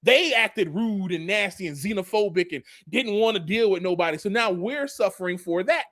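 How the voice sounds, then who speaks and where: A man giving a casual scripture teaching, animated, often laughing and reading verses aloud. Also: sits high, moderate pace, no room sound, studio quality. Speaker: preacher.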